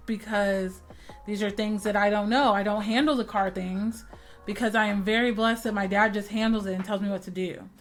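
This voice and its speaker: A young woman vlogger telling a story in casual chat, acting out dialogue with lots of "like" and "bro". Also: mid-range voice. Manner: animated retelling, full of "like" and "bro", acts out dialogue.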